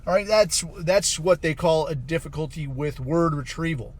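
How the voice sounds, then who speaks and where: A man's voice: on the high side, normal speed. A man hosting a podcast, ranting in a blunt, profane and sarcastic way. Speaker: podcast host. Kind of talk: casual commentary rant.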